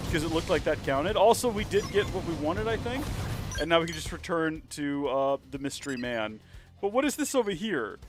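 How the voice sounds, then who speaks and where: A male game streamer who rambles through casual commentary, joking at his own expense. His pitch sits slightly high and bounces around a lot. Faint music plays behind him. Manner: rambling, jokey and self-mocking. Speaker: let's play streamer.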